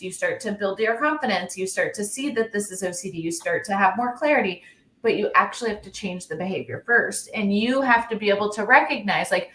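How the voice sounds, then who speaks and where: A woman's voice: medium pitch, fairly bright tone. A woman speaking as an expert panelist in a casual discussion, emphatic, with many rhetorical questions and frequent "like". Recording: roomy echo.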